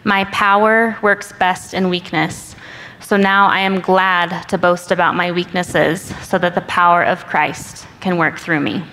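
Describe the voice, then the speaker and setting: A woman reading scripture aloud during a church testimony, careful and deliberate. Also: on the low side, steady tone, sharp tone, slight background noise. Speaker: guest speaker sharing her testimony. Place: church sanctuary. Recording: long hall reverb with faint ambience.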